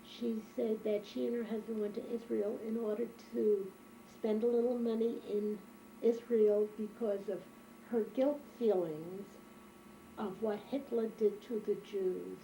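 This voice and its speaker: An older woman with a dark, mellow voice tells her life story at an easy pace. She speaks reflectively, and a faint noise sits under the recording. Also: mid-range voice, fairly even intonation, measured pace, low-quality recording. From Germany. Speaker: interviewee. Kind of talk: oral history interview.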